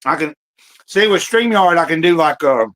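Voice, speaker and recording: A man with a slightly high voice hosts a laid-back livestream from home. He rambles, restarts his thoughts and fills pauses with "uh" and "like", talking into a computer mic. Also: lively intonation, fairly bright tone, poor audio. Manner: rambling, halting, many fillers and restarts; talks while eating, occasional coughs. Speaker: livestream host. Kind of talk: casual livestream chat.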